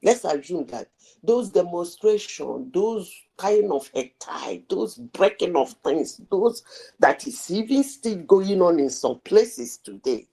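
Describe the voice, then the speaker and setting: A middle-aged woman hosts a live talk show. Her voice is low, dark and gravelly, with a husky edge. She speaks slowly and pushes her point with rhetorical questions. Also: very animated, low-quality recording. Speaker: host.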